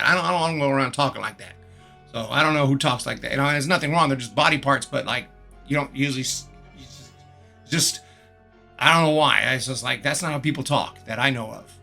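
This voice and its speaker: A man's voice: on the high side, sharp tone. A man hosting his own channel, giving a frank, rambling movie review and repeating words as he thinks aloud. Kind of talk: casual spoken movie review.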